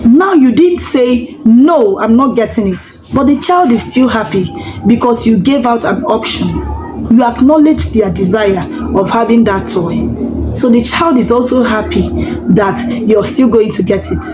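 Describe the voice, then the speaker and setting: A woman's voice: on the high side, expressive, a little slow, over music, rough recording. A woman giving parenting advice to the camera in a chatty, encouraging way, often repeating words for emphasis. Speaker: parenting vlogger. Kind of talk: advice vlog, talking to camera.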